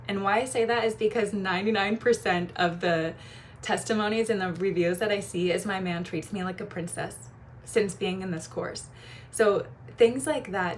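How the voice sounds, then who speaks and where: Young adult female coach, mid-pitched voice, animated storyteller, casual advice to camera, faint hiss behind. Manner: animated storyteller, shifts voice when quoting people. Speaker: feminine energy coach.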